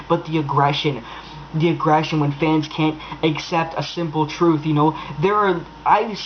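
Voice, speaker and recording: A man's voice: sits high, highs cut off, a little hiss or hum. Exasperated young man ranting, heavy swearing. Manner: exasperated, sarcastic, swears freely. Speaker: vlogger. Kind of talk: angry rant to camera.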